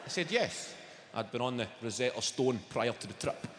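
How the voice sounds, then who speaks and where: A man's voice: medium pitch, expressive, normal speed, very noisy. A Scottish man in his thirties with a Glaswegian accent, doing a sweary, conversational stand-up set with crowd work. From Scotland. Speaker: stand-up comedian. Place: large theatre stage with audience. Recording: echoey live hall with loud audience.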